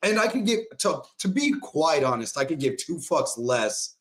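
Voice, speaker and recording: A man's voice: fairly high pitch, very animated, normal speed. A man ranting profanely in a casual podcast chat. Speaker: podcast co-host.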